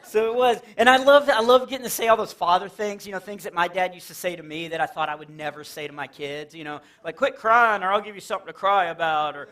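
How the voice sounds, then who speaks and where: A middle-aged man from Texas doing live Christian stand-up in a church, telling stories with lively acted-out quotes. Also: high-pitched, quick pace, hardly any pauses. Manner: animated storytelling with acted-out quotes and laughs. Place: church hall with a live audience.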